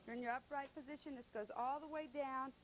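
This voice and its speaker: A woman co-hosts a home shopping broadcast, demonstrating features in an upbeat, step-by-step way. Her voice is notably high, with a faint hiss in the background. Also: fairly even intonation, quick pace, rough recording. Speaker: co-host and product demonstrator.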